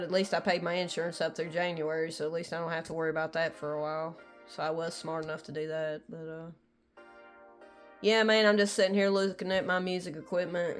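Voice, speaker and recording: Candid Southern woman rambling at home. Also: deep voice. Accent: Southern American. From Southern United States. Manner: rambling and candid, many fillers. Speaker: vlogger. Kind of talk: casual personal vlog. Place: small bedroom at home.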